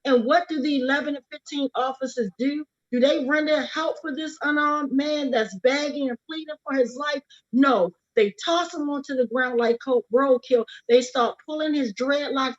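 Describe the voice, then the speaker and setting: A woman's voice: high voice, moderate pace. A woman speaking urgently and emphatically as an activist, repeating her key words for force. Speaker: activist speaking about her brother's death. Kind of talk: impassioned speech at a livestreamed rally. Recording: lo-fi livestream audio.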